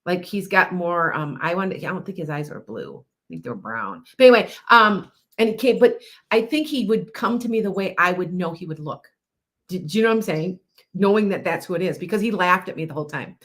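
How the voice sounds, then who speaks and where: A woman's voice: on the low side, expressive, fairly quick, a bit bright. A woman hosting a psychic podcast, chatting casually and rambling, often repeating herself and answering viewers' comments. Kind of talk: casual live-stream chat.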